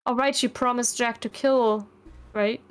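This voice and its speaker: Slightly high-voiced woman co-reading narration. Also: fairly even intonation, a little slow, smooth. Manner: reads the narration lines plainly, with wry asides. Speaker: guest co-reader. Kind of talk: casual live read-along chat.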